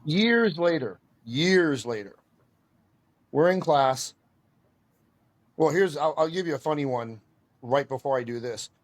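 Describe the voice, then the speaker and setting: A man telling stories as a podcast guest, animated and self-deprecating as he talks about his karate training. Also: fairly high pitch, unhurried, pauses often. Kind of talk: storytelling in casual conversation.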